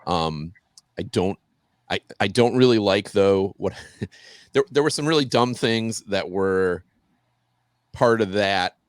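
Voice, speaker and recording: A man's voice: lowish voice, slow, pauses often, clear, resonant tone, no echo. A man co-hosting a podcast in casual chat, hesitant with many restarts. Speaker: podcast co-host.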